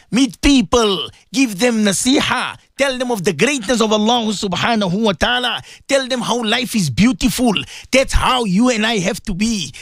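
A man preaching on a radio show, talking straight to his listeners, emphatic and repetitive, swinging between loud and soft with recurring refrains. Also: very high voice, dry recording. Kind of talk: radio sermon addressed to listeners.

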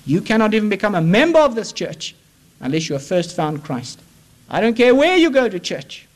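A man delivering an evangelistic sermon. His voice sits a little higher than most men's. He presses his points with rising, impassioned emphasis and then drops low and quiet. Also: very animated, normal speed, rough recording. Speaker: preacher.

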